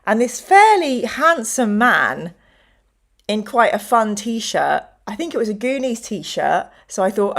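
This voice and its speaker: A woman's voice: a little high, big pitch swings, takes it slowly. A middle-aged woman hosts a show, chatting casually and telling stories in which she acts out other people's voices. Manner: chatty storyteller who acts out quoted voices. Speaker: host. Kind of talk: casual chat.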